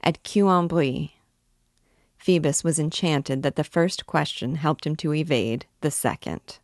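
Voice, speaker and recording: A woman reads a classic novel aloud in a measured, steady narration. Her voice sits low. The recording is dry and close, with no room echo. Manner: measured storytelling. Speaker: narrator of a read-along.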